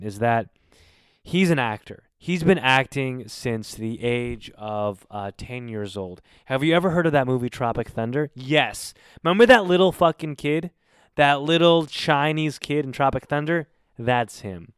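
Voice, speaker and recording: A man's voice: mid-range voice, moderate pace, clear, resonant tone, dry recording, clean studio sound. A man hosting a casual podcast over a video call, rambling and swearing. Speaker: podcast host.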